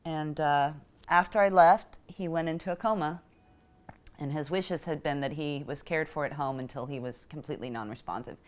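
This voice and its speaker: A woman telling a personal story in a reflective, emotional way, pausing often as she speaks. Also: sits low. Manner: reflective and emotional, halting with pauses. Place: Houston.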